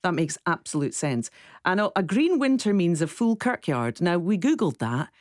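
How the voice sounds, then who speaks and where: Lively woman radio presenter, low voice. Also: moderate pace, no echo, clean studio sound. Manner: chatty, laughs easily, warm phone-in banter. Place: radio studio.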